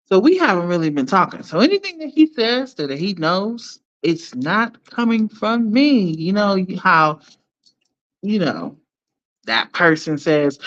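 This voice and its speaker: Laughing, slangy woman on a lo-fi live stream. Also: fairly low pitch. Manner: animated, laughs often, slangy and blunt. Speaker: live streamer chatting with viewers. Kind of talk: casual live-stream chat. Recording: dull lo-fi sound.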